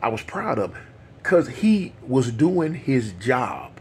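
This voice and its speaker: Gravelly, husky man in his fifties. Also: mid-range voice, big pitch swings, slow. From Los Angeles. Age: 50s. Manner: rambling and conversational, full of asides and tag questions. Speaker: storyteller. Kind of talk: casual street storytelling.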